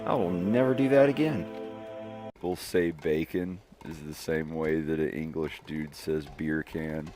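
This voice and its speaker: A male streamer chatting casually on a live stream, who laughs often and bursts into loud, excited mimicry. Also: extremely low pitch, unhurried, over music.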